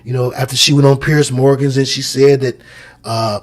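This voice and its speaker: A man with a middle-pitched voice talks loosely and at length, circling back and restarting as he tells his stories. His delivery is casual and conversational. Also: fairly even intonation, normal speed. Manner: storytelling, with many restarts.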